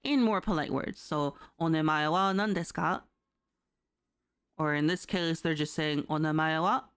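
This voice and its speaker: A woman's voice: low-pitched, unhurried, clean tone. A woman streamer giving a casual livestreamed Japanese lesson, chatty and loose, with lots of fillers and a habitual "right?". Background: soft background music.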